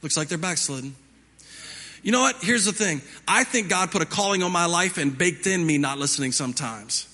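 Male preacher with a high, husky voice. Conversational sermon with rhetorical questions, long church reverb. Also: fairly quick, few pauses, bright, forceful tone. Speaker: pastor. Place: church sanctuary.

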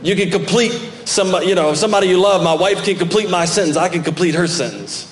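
A man with a high voice preaches fast, reading scripture and breaking into emphatic bursts during his sermon. He's recorded in a church sanctuary, an echoey hall with long reverb.

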